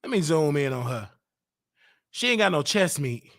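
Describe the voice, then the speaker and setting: A man hosting a comedy show, ranting with exaggerated indignation and bursts of shouting. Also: fairly high pitch, sing-song, moderate pace.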